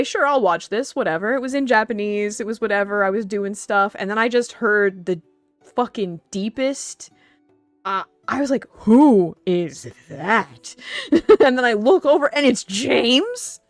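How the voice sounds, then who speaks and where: A woman streaming live in casual chat, giggly and excitable, laughing often as she talks to her viewers. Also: on the high side, no room sound.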